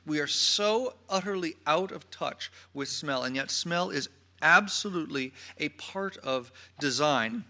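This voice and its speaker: Bright-voiced man telling effusive stories. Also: fairly high pitch, lively intonation, measured pace. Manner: effusive storyteller, gushing adjectives. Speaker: perfume critic giving a talk. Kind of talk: public talk with anecdotes.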